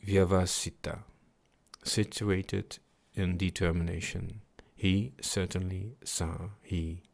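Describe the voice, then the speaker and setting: A man slowly reading and explaining devotional scripture, chanting at times, pausing to reflect and repeating his words. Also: low-pitched, fairly even intonation, gravelly, darkish tone. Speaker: scripture reader. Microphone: computer mic on a livestream.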